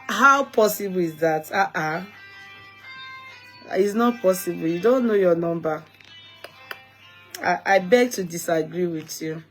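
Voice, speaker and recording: Tired Nigerian woman hosting a live chat. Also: on the low side. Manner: chatty, repetitive greetings, mixes in Pidgin. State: tired, yawning. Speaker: live-stream host. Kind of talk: casual live-stream chat.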